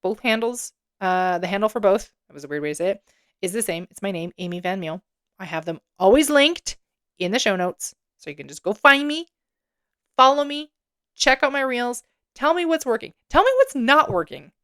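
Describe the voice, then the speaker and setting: A woman hosting her own podcast in an unscripted solo monologue. Her voice sits at a mid-range pitch. She speaks candidly and with emphasis, swears freely and often laughs mid-sentence. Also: expressive, normal speed, a bit bright, clear, resonant tone. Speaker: podcast host.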